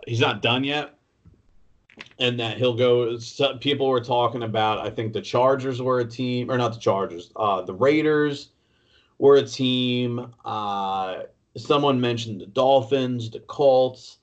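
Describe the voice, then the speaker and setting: A man's voice: mid-range voice, slow, highs cut off. A man co-hosting a sports talk show, casual and profane, telling a story.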